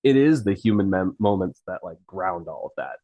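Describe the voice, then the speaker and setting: A man's voice: deep voice, very animated, moderate pace, no echo, narrow, tinny audio. A man who writes fiction, a guest on a podcast, talking in a rambling way with many fillers. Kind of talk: casual interview chat.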